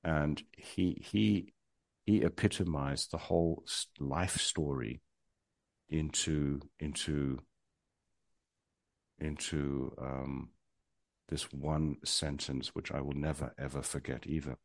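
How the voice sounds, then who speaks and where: Very deep gravelly older man. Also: steady tone, slow, long pauses, dry recording. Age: 60s. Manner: hesitant, many ums and restarts, wry humor. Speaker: guest. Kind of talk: reflective interview talk.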